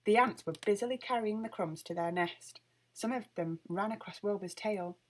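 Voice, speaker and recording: A woman's voice: mid-range voice, normal speed, noisy background. Woman reading a children's story. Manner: lively expressive storytelling. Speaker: storybook reader. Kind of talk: reading a children's picture book aloud.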